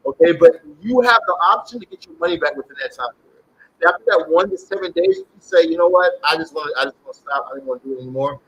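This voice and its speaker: A man making a loose, rambling pitch straight to his viewers. His voice sits fairly high and swings widely up and down. He circles back to the same points and tags "okay?" onto his sentences. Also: animated, quick pace, a bit bright, breathy edge, dull audio. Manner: rambling and repetitive, keeps checking in with "okay?". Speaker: self-styled shaman and spiritual reader. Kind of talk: casual direct-to-camera pitch.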